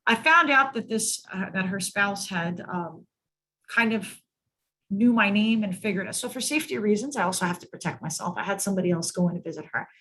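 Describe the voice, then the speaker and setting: Husky-voiced woman telling a case story. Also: medium pitch, expressive, brisk, a bit bright. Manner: emphatic, repeats words for stress. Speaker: mental health clinician presenting to colleagues. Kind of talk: storytelling in a training presentation. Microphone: video call.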